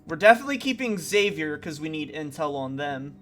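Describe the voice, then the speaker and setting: A man's voice: a little high, big pitch swings, fairly quick, fairly bright tone. A man streaming a game, thinking aloud in a chatty, self-deprecating way. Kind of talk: casual let's-play commentary.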